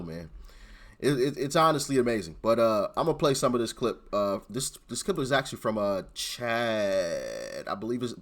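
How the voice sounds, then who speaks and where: A man's voice: mid-range voice, very animated, moderate pace, fairly bright tone. A man hosting political commentary, speaking emphatically and often stuttering over repeated words. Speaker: host.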